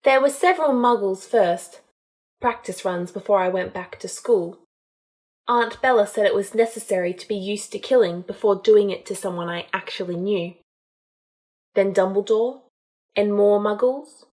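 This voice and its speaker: A woman's voice: medium pitch, normal speed, darkish tone, lightly acted. A woman reading a fan fiction audiobook, voicing a young male wizard who coldly confesses past killings in a matter-of-fact way. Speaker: audiobook reader.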